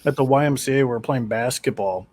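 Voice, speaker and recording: A man's voice: medium pitch, quick pace, a little mellow. Easygoing man telling sports stories. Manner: easygoing storyteller, teasing. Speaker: podcast co-host. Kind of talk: casual sports chat.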